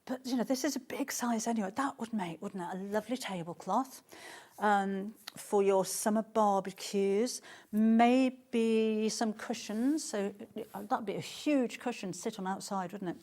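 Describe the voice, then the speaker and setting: A woman's voice: medium pitch, moderate pace, a little mellow. A middle-aged woman presenting fabrics on a live sales show, chatting and gushing with lots of restarts.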